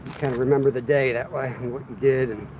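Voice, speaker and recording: A man's voice: medium pitch, fairly even intonation, fast, noisy background. A man in his fifties chatting casually on a fishing live stream outdoors by the water, rambling and poking fun at himself. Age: 50s. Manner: rambling, chatty, self-mocking. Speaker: fishing livestream host. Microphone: camera on a tripod.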